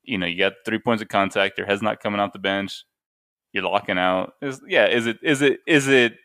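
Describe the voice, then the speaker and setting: A man's voice: on the low side, fairly quick, fairly bright tone, no echo, studio quality. A man co-hosting a podcast, talking casually with rambling, joking restarts. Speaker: podcast co-host. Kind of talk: casual chat.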